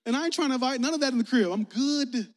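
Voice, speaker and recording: A man preaching a lively, joking youth sermon in slangy talk, acting out little voices as he tells stories. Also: very high-pitched, fast. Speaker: youth pastor. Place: church sanctuary. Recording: long reverb of a church sanctuary.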